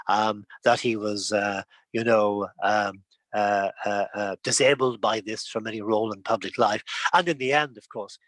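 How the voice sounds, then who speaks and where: A man's voice: on the low side, fairly bright tone, no echo. A man giving a history lecture over a video call, telling it as a story with frequent asides, fillers and restarts. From Ireland.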